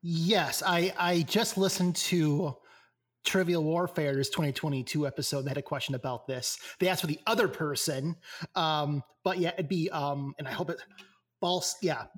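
A man on a trivia podcast team, upbeat and quick to agree. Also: a little high, a bit bright. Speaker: trivia contestant.

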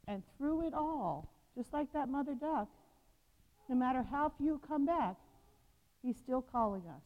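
A woman pastor preaches in a relaxed, chatty way, her voice a touch high. The sound is dull and lo-fi, with a long reverb trailing off in a large church. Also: a little slow. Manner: homely, conversational preaching with fillers. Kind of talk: sermon.

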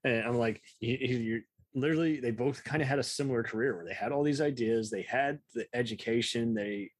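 Husky-voiced man in casual chat. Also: medium pitch, brisk, no echo. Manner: profane, laughs often, rambling.

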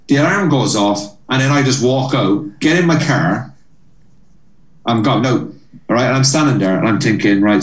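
A man's voice: fairly low pitch, reverberant, far from the mic, low-quality recording. A man with an Irish accent, a comedian telling a long story with lots of energy, acting out the people in it and laughing. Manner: animated storyteller, acts out voices and laughs. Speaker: comedian guest. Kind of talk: storytelling anecdote.

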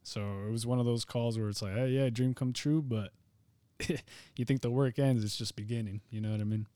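A young man, a former pitcher, telling his story as a podcast guest in a laid-back, casual way, often saying "man" and "you know". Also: steady tone, fairly quick, mellow, no echo. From Nogales.

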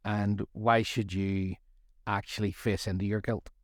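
Rambling, jokey middle-aged man, low voice. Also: level tone, a little slow, no echo, clean studio sound. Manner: rambling and jokey, with self-deprecating asides. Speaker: co-host of a faith study series. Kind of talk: casual faith discussion.

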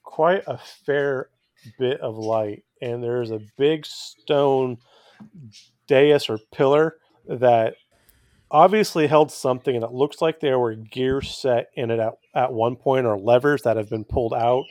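A man running a tabletop game, describing the scene with halting restarts and fillers. His voice sits at a middle pitch and is recorded dry and close, with no room sound. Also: a little mellow, dry recording. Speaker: game master.

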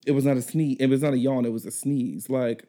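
A man hosting a casual chat, telling a work story in an animated way, laughing often and acting out the people he quotes. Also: mid-range voice, fairly quick. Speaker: podcast host.

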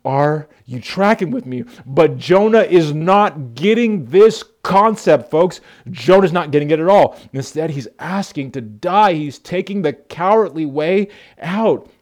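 A man's voice: on the high side, animated, measured pace, hardly any pauses. A man preaching a sermon as a pastor, impassioned, with frequent restarts, addressing his congregation as folks. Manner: impassioned, repetitive restarts, acts out quotes loudly.

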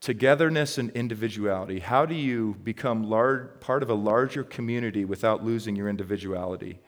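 A pastor preaching a sermon in a conversational, storytelling way, getting loud and animated as he acts out a story. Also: lowish voice, brisk, in a large hall. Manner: conversational storytelling, grows loud and excited when reenacting.

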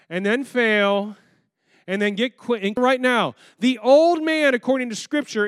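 High-voiced man preaching a sermon. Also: smooth, no room sound, clean studio sound. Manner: preaches with rhetorical questions put to the congregation; swings from loud emphatic lines to low, soft asides. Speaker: pastor.

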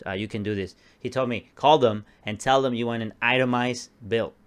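A man's voice: medium pitch, brisk, smooth. A young man co-hosting a podcast, telling rambling stories in casual chat and swearing now and then. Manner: rambling, animated storytelling with swearing. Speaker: podcast co-host.

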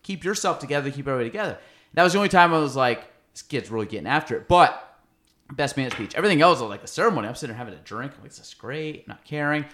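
A woman's voice: extremely low pitch, quick pace. A woman hosting a podcast, telling a story in casual chat and acting out what people said. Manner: animated storyteller acting out quotes. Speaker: podcast host.

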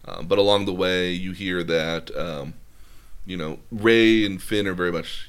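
A man's voice: low-pitched, steady tone, unhurried, clear, resonant tone. A man casually retelling a film plot, rambling with lots of fillers. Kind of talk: casual chat.

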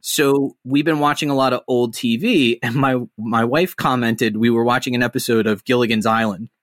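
A man's voice: medium pitch, fairly even intonation, moderate pace, no echo. Guy hosting a podcast, rambly and sweary, dry close sound. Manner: rambling, swears freely, jumps into funny impressions. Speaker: podcast host. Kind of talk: casual chat.

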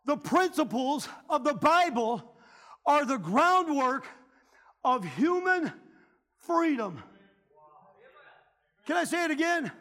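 A middle-aged pastor preaches a revival sermon in a church. His voice sits unusually high, and his delivery is fervent, often rising to a shout. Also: sing-song, slow pace, pauses often. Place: church sanctuary.

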